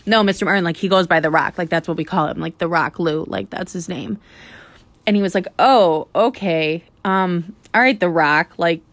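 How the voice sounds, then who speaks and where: A young woman, a high school teacher, telling stories casually with lots of "like" and "um". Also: a little fast, a bit bright, no room sound. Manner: chatty, lots of "like" and "um". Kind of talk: casual storytelling.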